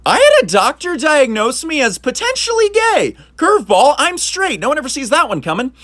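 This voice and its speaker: High-pitched animated young man, storytelling. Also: normal speed, no echo. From United States. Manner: animated, exaggerated voices for family members, outraged bursts. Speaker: comedy storyteller. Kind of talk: comic storytelling monologue.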